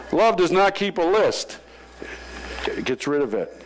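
A male pastor preaching a sermon, telling jokes and stories in an animated way. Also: high voice, slow, a little hiss or hum, poor audio. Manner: animated storytelling with joking asides. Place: church sanctuary.

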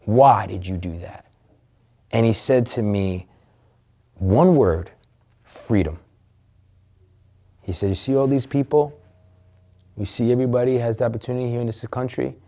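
Earnest man with a dark, mellow voice. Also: mid-range voice, normal speed, long pauses. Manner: earnest, emotional, swears casually. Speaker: interview guest, entrepreneur. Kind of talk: candid personal storytelling.

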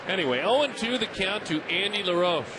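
A man calling a baseball game play by play, talkative and teasing, with playful asides between pitches. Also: animated, fairly quick, noisy background. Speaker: play-by-play announcer. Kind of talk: live baseball commentary.

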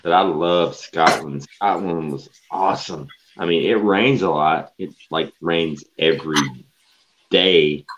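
A man's voice: extremely low pitch, takes it slowly, background noise. A man co-hosting a casual live stream, easygoing, often repeating and stammering. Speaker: co-host. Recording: dull lo-fi sound.

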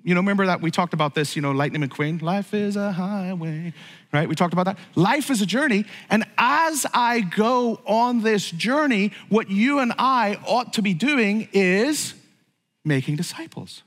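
A man's voice: high voice, expressive, moderate pace, a bit bright. A middle-aged man preaching a sermon to his church, talking in a conversational way that rises to fervent exclamations. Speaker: pastor. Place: church sanctuary. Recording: long reverb of a large hall.

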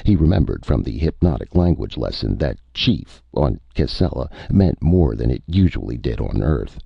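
A man narrating a science fiction story in a measured, expressive audiobook manner. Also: a bass voice, vocal fry, breathy edge, no room sound, muffled recording.

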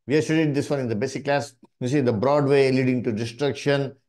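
A man with an Indian English accent teaching a Bible study in a sermon style, speaking haltingly with many fillers and calling the listeners "dear brethren". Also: mid-range voice, fairly even intonation, darkish tone. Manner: slow, halting delivery with many "uh" and "you see" fillers.

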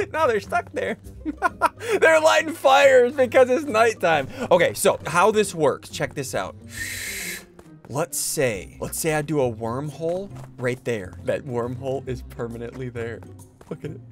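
A man hosting a gaming video, commenting excitedly on play with friends and yelling and laughing at times. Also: fairly high pitch, unhurried, gravelly. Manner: excitable, yelling and laughing, then quietly explaining the game. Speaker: gaming channel host. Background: game music.

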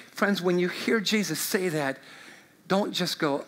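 A man preaching from the pulpit in a high, light voice. He moves from loud, rising proclamations to quiet, conversational asides full of everyday examples. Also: a little slow. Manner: chatty, uses sports illustrations and fillers. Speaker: pastor. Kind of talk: sermon.

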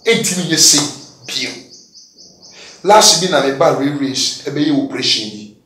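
A man giving a candid testimony in an interview, swinging between loud, emphatic bursts and low mutters. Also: animated, a little slow. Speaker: guest giving a confession testimony. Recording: echoey room, distant mic.

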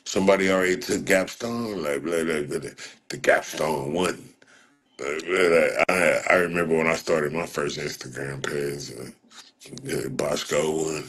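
A man hosts a casual livestream, trash-talking the commenters in profane slang and breaking into laughter. His voice sits very low and sounds husky. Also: measured pace, fairly bright tone. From Southern California. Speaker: livestream host reacting to chat.

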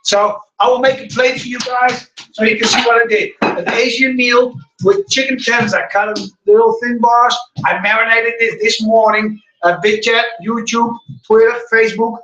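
A man's voice: very high voice, fairly even intonation, moderate pace, hardly any pauses, pushed and bright, muffled recording. A middle-aged man, hosting a casual live cooking stream and chatting to viewers in a rambling way. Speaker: cooking show host. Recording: echoey room, mic far off.

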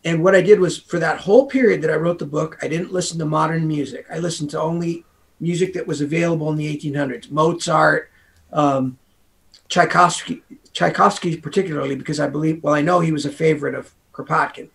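A man's voice: a little high, steady tone, brisk, gravelly, fairly bright tone. An American man, a guest author, talking casually in an interview in a rambling way, full of asides. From United States.

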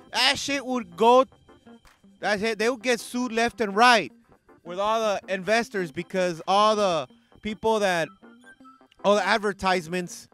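Excitable, cursing vlogger with a bright voice. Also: medium pitch. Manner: excitable, profane, slangy, acts out quotes. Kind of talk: casual commentary rant.

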